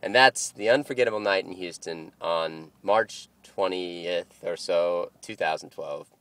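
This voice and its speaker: A man's voice: low voice, a little slow. A young man vlogging about golf, telling a long story in a casual, rambling way and acting out who said what. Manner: rambling, animated, quotes people in dialogue.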